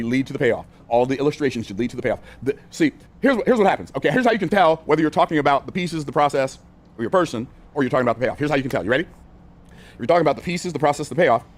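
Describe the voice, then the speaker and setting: An older man teaching business sales from a whiteboard, energetic and conversational, repeating phrases for emphasis and using casual words like y'all and ain't. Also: medium pitch. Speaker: business coach.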